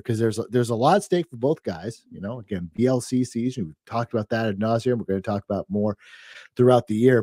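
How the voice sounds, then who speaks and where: Guy hosting a wrestling preview, warm dark voice, hypes the matches. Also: mid-range voice, no echo, studio quality. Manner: hype-building, uses fillers.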